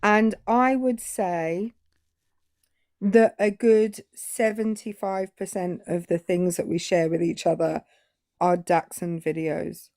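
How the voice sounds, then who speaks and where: A woman's voice: on the low side, steady tone, slow pace, darkish tone, no echo, studio quality. A woman from Britain co-hosting a live stream, chatting and telling stories. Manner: chatty, storytelling. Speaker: stream co-host. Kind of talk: casual live stream chat.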